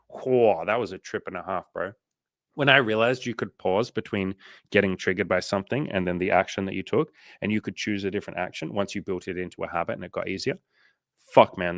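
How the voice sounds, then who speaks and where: A man's voice: low voice, gravelly, fairly bright tone, no echo. A man hosting a casual livestream coaching chat, swearing casually and animatedly retelling conversations.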